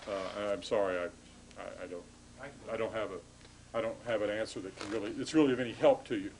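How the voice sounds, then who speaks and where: A man's voice: fairly low pitch, fairly even intonation, fairly quick, darkish tone, slight background noise, low-quality recording. A man giving a classroom lecture to students, explaining patiently with frequent hesitations and restarts.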